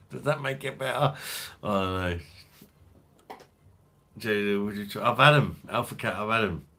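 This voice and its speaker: A man with a London accent and a very deep, low voice talks through a casual livestream. He jokes crudely, swears freely and rambles as he reads out viewer comments. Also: moderate pace, long pauses, fairly bright tone. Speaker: host of a beer review livestream.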